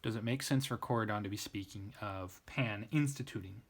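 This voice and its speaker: A man's voice: fairly low pitch, a little fast. A man giving an informal Latin grammar lesson, thinking aloud, often restarting and correcting himself. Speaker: Latin tutor.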